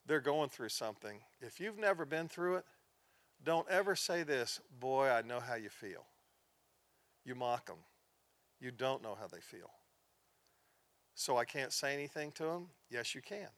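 A man's voice: mid-range voice, animated, unhurried, pauses often, fairly bright tone, no room sound. A middle-aged male pastor teaching a class, who tells stories earnestly, sinks to a near-whisper at sad points and rises for emphasis. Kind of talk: sermon-style teaching.

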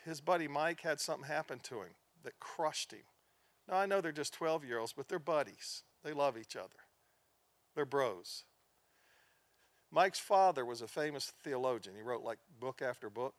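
A man's voice: a little high, a bit bright, no room sound. A middle-aged male pastor teaching a class, who tells stories earnestly, sinks to a near-whisper at sad points and rises for emphasis. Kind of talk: sermon-style teaching.

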